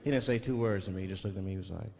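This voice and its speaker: A man's voice: sits low, rapid-fire, creaky, a little mellow, a little hiss or hum. A man doing a stand-up comedy set, storytelling loosely and dropping into voices. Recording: live stand-up hall with audience. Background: audience laughter.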